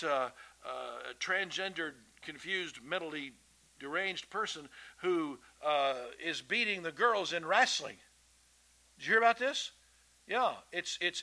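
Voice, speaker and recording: A man's voice: sits high, pushed and bright, rough recording. A man preaching a sermon to kids and grown-ups, talking in a folksy, emphatic way and restarting his words often. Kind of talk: sermon to children and adults.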